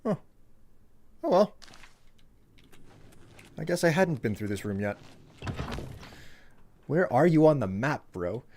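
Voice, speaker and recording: Playful male streamer, very expressive pitch, casual running commentary to chat while gaming. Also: takes it slowly, long pauses. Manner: chatty, playful, talks to himself while playing. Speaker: game streamer.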